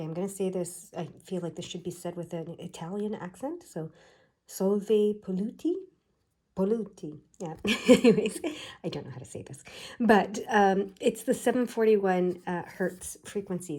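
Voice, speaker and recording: A woman giving a casual pick-a-pile tarot card reading. She talks in a chatty, wandering way full of fillers, and her throat is irritated, so she keeps clearing it. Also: medium pitch, darkish tone. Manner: chatty, digressive, frequent fillers.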